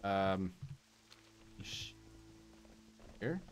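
A man streaming gameplay late at night from a quiet home, sleepy and punchy, rambling and joking to himself as he plays. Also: deep voice, big pitch swings, very slow, background noise. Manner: rambling and jokey, talking to himself. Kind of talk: casual gameplay commentary.

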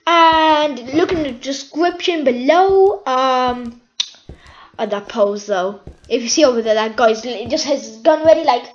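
A woman giving casual, excitable commentary while playing a shooter game, pleading with the game and cheering her kills. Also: high-pitched, measured pace, highs cut off. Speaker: gaming YouTuber.

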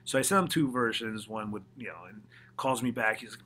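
A man, a mix engineer, telling studio stories in a casual interview, animated and swearing freely as he acts out what others said. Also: lowish voice, fairly quick, few pauses, a little hiss or hum.

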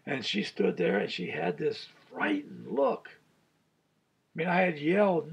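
A man's voice: fairly high pitch, big pitch swings, takes it slowly, vocal fry, husky. A man in his sixties, a pastor, giving an earnest Bible study sermon with a personal story, chuckling as he tells it.

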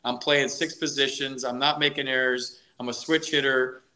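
A middle-aged man, a former ballplayer, telling his career story in an animated, energetic way during a podcast interview, often restarting his sentences. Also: medium pitch, moderate pace. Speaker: guest, former ballplayer and broadcaster.

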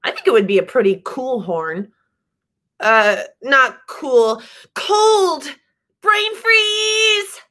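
Lady reading as a determined bulldog who thinks she's a rhinoceros, bright and bouncy, picture book read-aloud. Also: mid-range voice, lively intonation, slow. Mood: insistent. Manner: earnest, insistent, bright storybook voice. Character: female bulldog sure she is a rhinoceros.

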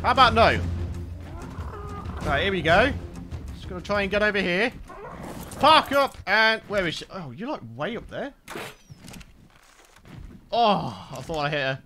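A let's play host giving gameplay commentary, excitable and given to loud outbursts of frustration and triumph. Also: mid-range voice, unhurried, pauses often, soft background music.

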